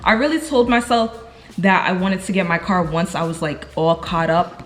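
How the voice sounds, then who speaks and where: A woman's voice: lowish voice, normal speed. A young woman from New York with a New York accent, chatting casually to her viewers at home in a slangy, talkative way. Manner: chatty, slangy, talks straight to viewers as "y'all". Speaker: vlogger. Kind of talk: casual chat to camera.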